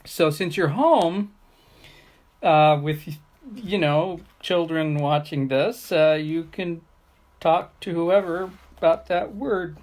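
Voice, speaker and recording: A woman's voice: fairly low pitch, slow, darkish tone. A woman hosting a casual video, talking in a rambling, playful way with frequent ums and uhs. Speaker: online video host. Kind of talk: casual chat to camera.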